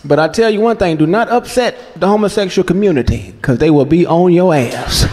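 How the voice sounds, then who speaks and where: A man performing a stand-up comedy set, telling profane, animated stories on a club stage before a live audience. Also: high-pitched, brisk. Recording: live club recording with echo, audience laughter and noise.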